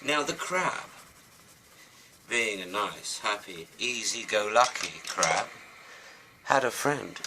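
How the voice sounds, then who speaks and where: A man's voice: on the low side, expressive, takes it slowly, pauses often, noisy background. A British man telling a children's story while he draws and colours, with rambling, chatty asides.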